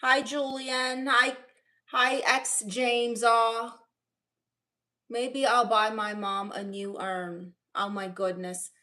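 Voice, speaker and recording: A woman comedian chatting casually on a livestream from home, joking and reading out viewer comments in an expressive way. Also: fairly high pitch, slow. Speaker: comedian streamer.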